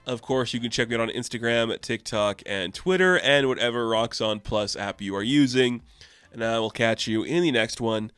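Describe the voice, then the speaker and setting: A man's voice: mid-range voice, normal speed, clear, resonant tone, dry recording. A man reviewing a comic book in a casual, sarcastic way, acting out the characters' lines in goofy voices. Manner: animated, sarcastic, acts out quotes in silly voices.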